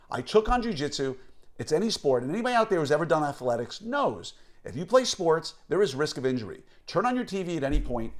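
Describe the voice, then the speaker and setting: A middle-aged man hosting a short motivational podcast, talking emphatically and conversationally, often tagging points with "right?". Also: a little high. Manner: emphatic, conversational, punches words with rhetorical "right?". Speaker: podcast host. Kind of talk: motivational talk.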